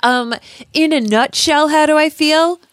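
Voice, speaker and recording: A woman co-hosting a podcast in casual chat, playful and quick to laugh. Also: sits high, dry recording, studio quality. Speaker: podcast co-host.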